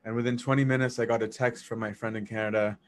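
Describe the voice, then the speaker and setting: A man casually telling a personal story, animated, acting out dialogue and laughing as he goes. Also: fairly low pitch, quick pace. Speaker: storyteller recounting memories of a monk.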